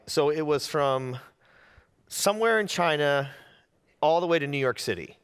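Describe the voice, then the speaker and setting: A pastor telling a lively sermon story. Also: male voice, fairly high pitch, fairly quick, clear, resonant tone, long reverb tail. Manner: animated storytelling with acted-out quotes.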